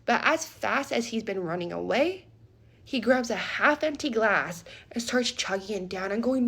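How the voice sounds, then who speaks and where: A young woman casually retelling a wild dating story in a storytime vlog, animated and dramatic, often asking "okay?". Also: on the high side, normal speed, vocal fry, slightly rough.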